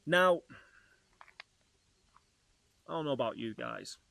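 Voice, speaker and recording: Bright-voiced man telling a story. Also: on the high side, takes it slowly, gravelly, no room sound. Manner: lively, chatty, talks straight to viewers. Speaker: travel vlogger. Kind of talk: animated storytelling to camera.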